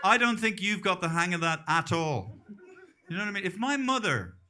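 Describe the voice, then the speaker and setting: A man's voice: sits high, big pitch swings, a little fast, pushed and bright, a little hiss or hum. A middle-aged Irish man doing a rambling, self-deprecating stand-up set on a club stage, often trailing off into mumbles. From Ireland. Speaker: stand-up comedian.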